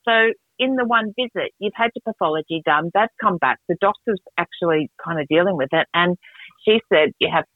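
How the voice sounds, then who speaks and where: A middle-aged woman, telling stories in a casual podcast chat, animated and quick to laugh. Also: no echo. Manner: animated, laughing, jumps between pitches. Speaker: podcast co-host. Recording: tinny phone-like dry sound.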